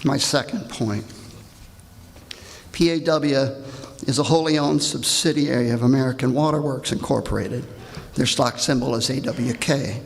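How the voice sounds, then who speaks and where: An older man with a gravelly voice, reading a pointed, indignant prepared comment at a public hearing. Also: medium pitch, normal speed. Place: large hall. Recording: reverberant hall.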